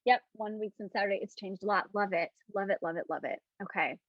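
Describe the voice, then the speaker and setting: A woman hosting a casual live talk on self-love, speaking gently and reflectively and reading out viewer comments. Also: medium pitch, fast talker, no room sound, highs cut off. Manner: gentle, reflective, often mimics questioning tones.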